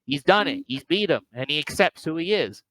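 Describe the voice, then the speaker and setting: A man co-hosting a casual wrestling review, talking excitedly and acting out wrestlers' lines. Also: a little high, fairly quick, no room sound, low-quality recording. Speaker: podcast co-host.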